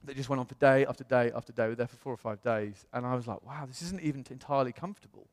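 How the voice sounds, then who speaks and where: A man's voice: medium pitch, very fast. Chatty male pastor in reverberant hall. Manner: chatty, animated storytelling with laughs and self-quotes. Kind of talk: storytelling sermon. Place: church hall. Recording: long church-hall reverb.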